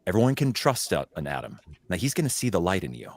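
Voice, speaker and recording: Man, very low voice, voice actor, casual rambling talk, dry sound. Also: big pitch swings, fast, no echo. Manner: rambling, many fillers and restarts. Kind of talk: casual panel chat.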